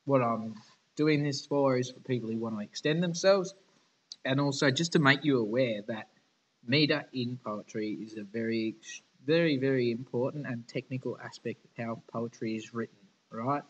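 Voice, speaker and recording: A man's voice: mid-range voice, normal speed, highs cut off. Male teacher, informal lesson delivery, casual and candid with students. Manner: casual, chatty and frank.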